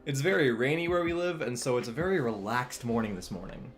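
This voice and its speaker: A young man streaming as he draws, chatting in a relaxed way, answering chat and laughing often. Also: mid-range voice, fairly quick. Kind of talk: casual chat while drawing on stream.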